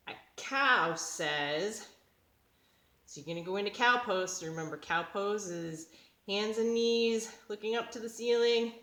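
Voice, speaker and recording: A woman's voice: medium pitch, a bit bright. A woman leading a children's yoga lesson, reading a picture book aloud, giving patient step-by-step instructions and making the animal sounds. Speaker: kids' yoga teacher. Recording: echoey room.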